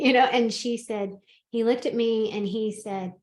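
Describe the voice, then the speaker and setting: A woman hosting a podcast, telling a personal story in casual chat, animated and laughing often as she acts out what people said. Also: fairly high pitch, slow, roomy sound. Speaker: podcast host and medium.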